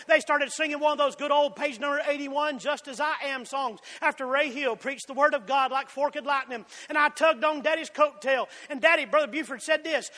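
A man with a Southern drawl from Georgia, preaching a fiery sermon that swings between loud shouts and soft asides. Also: very high voice, moderate pace, few pauses. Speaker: pastor. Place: church sanctuary. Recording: long hall reverb.

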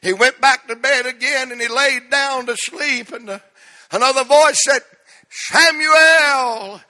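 A middle-aged man preaching a fervent sermon, swinging between shouted lines and hushed ones. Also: very high voice, steady tone, moderate pace. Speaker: pastor.

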